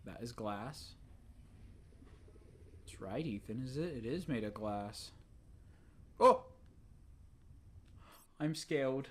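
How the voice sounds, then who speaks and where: A let's play gamer giving casual commentary, talking to themself in an excitable, exasperated way. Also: mid-range voice, slow, long pauses, slightly rough. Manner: talks to self, excitable, exasperated.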